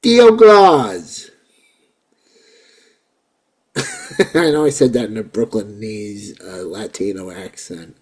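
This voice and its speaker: A man in his forties hosting a casual chat show, excitable and rambling, often repeating himself. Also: on the low side, measured pace, husky. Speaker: host.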